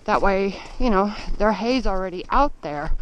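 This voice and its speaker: On a muddy horse farm, a woman vlogs her morning chores outdoors with a handheld camera, breathless as she works and baby-talking to her animals. Her casual narration has a medium pitch, lively intonation and moderate pace. The audio is poor, with clear outdoor background noise.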